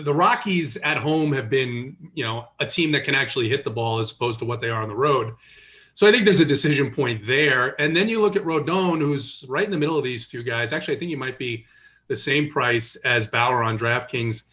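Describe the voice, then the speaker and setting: A man giving measured, dry analysis of baseball pitching matchups. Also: fairly bright tone. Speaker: sports analyst. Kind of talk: casual sports analysis.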